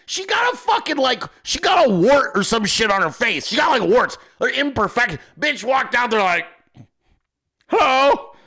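A man's voice: very high-pitched, big pitch swings, moderate pace, hardly any pauses, pushed and bright. A man hosting a political commentary show, ranting in a crude, sarcastic way with constant swearing and frequent asides to his listeners. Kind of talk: profane unscripted rant.

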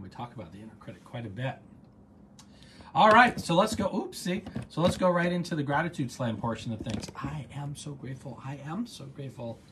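Against background noise, a man with a mid-range voice hosts a casual live online gratitude practice. As host and coach he's chatty and encouraging, reading out what viewers write and wandering into side stories.

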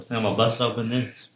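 A man co-hosting a casual podcast, making brash slangy remarks. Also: medium pitch. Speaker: podcast co-host. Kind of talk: casual chat. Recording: echoey room with clear hiss.

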